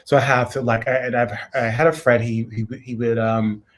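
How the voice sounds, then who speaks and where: A man's voice: medium pitch, fairly quick. A man co-hosting a casual coaching chat, telling stories animatedly and quoting other people. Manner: animated storytelling with quoted voices. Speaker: co-host coach.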